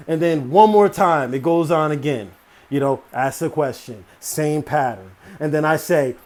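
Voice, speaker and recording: Recalling his time as a store manager, this motivational speaker talks at a normal speed in a fairly high voice with a darkish tone. The storytelling is conversational and emphatic, peppered with fillers and repeated phrases.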